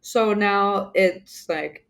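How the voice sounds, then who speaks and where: A woman's voice: medium pitch, extremely slow, creaky, a little hiss or hum. A woman guest in a casual interview, chatty, with many fillers and frequent laughs. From born in the US, grew up mainly in the UK.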